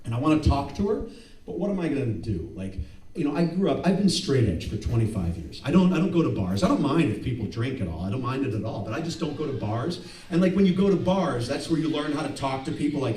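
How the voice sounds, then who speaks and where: A man tells a self-mocking story on a club stage, acting out each line of dialogue. His pitch swings widely and his tone is mellow and relaxed. The sound is roomy and picked up from some distance. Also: fast. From United States. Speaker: spoken word performer. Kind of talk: live storytelling monologue. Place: club stage before an audience.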